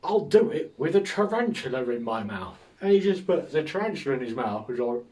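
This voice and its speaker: A man's voice: medium pitch, very animated, a little fast, warm tone, distant mic. A man hosting a casual solo podcast, rambling through jokes with a self-mocking humour and frequent chuckles. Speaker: podcast host.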